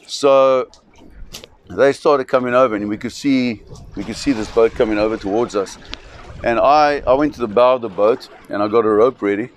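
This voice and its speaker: A man's voice: mid-range voice, moderate pace, slight background noise. Man telling a story. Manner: vivid, restarting, acts out voices. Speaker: shark expedition operator. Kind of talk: dramatic storytelling.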